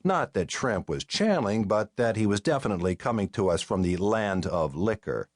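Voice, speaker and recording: A man narrating a mystery audiobook in the first person, with a wry, deadpan way of telling the story, on a close studio mic. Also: fairly low pitch, normal speed, dry recording.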